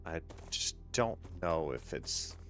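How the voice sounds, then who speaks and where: Deep-voiced streamer, laid-back and swearing. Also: male voice, animated, takes it slowly, a bit bright, faint music behind. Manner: chats with viewers by name. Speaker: game streamer. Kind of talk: casual live-stream chat while gaming.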